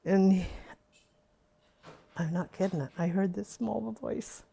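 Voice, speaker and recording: A woman's voice: mid-range voice, slow, creaky, dark tone, husky. An older woman being interviewed for an oral history, reminiscing in a rambling way with many fillers.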